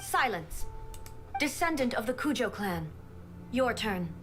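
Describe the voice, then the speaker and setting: A woman's voice: a little high, big pitch swings, fairly bright tone, faint music behind. A cold imperious female ruler. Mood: stern. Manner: cold, formal, measured. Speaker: game character.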